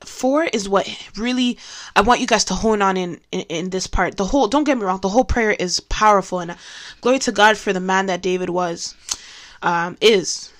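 A woman's voice: mid-range voice, normal speed. Woman doing a laid-back bible study, talks real candid, laughs a lot, medium voice. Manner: candid and chatty, laughs often. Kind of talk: casual devotional teaching.

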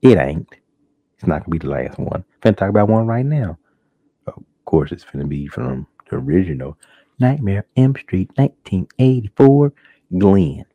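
Gravelly low-voiced man podcasting. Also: moderate pace, no echo. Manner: animated storytelling, acts out shocked reactions in high voice. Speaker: podcast host. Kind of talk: casual solo podcast talk. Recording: dull lo-fi dry home recording.

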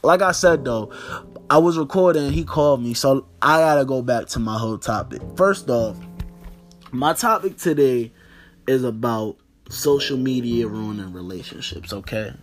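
A man's voice: mid-range voice, normal speed, faint music behind. Rambling, profane young man podcaster. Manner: rambling, profane, full of "like" and "you know". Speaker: podcast host. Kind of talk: casual storytelling monologue.

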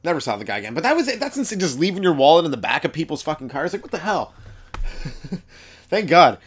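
A man's voice: on the high side, big pitch swings, fast, husky. A man, a comedian hosting his own podcast, rambling through profane stories in a casual monologue. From Canada.

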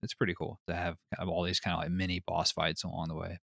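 A man hosting a podcast in casual chat, telling stories in an animated way, laughing often and swearing casually. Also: low-pitched, fast talker, gravelly, no echo, clean studio sound. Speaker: podcast host.

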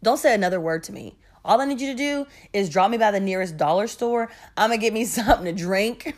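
A woman voicing a furious young mother, stranded and fed up, who talks in short, sharp demands. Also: medium pitch, a little fast, lightly acted.

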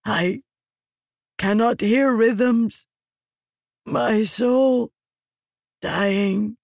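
A narrator voicing a dying ancient female Fused, croaking in slow, broken phrases for an audiobook. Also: medium pitch, steady tone, darkish tone, no room sound, pitched above the performer's own voice. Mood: resigned. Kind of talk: audiobook character reading.

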